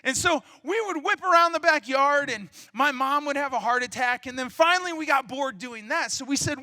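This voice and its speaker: High-voiced, animated male preacher. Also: moderate pace, hardly any pauses, dry recording. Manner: animated storytelling, bursts of shouting. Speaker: pastor. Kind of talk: sermon.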